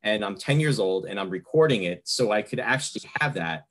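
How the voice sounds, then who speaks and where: A man's voice: on the low side, expressive, a little fast. A man in his fifties from the New York area, hosting a casual fan interview and talking in long, rambling runs. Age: 50s. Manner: rambling, many fillers and restarts. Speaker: host.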